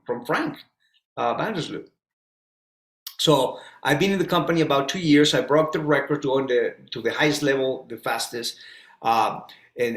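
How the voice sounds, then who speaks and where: A man telling his story as a podcast guest, animated and acting out the dialogue in it. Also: mid-range voice, reverberant. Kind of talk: conversational storytelling.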